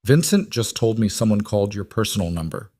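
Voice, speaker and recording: A man's voice: fairly low pitch, lively intonation, brisk, mellow, no room sound, clean studio sound. A man reading an icy mafia boss. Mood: controlled. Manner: icy, controlled. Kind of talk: audiobook character reading.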